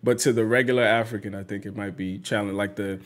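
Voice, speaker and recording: Man, from Nigeria, interview guest, easygoing, thoughtful, fairly low voice. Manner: relaxed, measured, many fillers. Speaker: podcaster guest. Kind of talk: casual interview answers.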